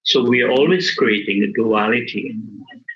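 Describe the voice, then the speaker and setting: A middle-aged man, a Buddhist monk, giving a dharma talk in a measured, deliberate way with pauses. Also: mid-range voice, a bit bright. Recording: dull lo-fi recording.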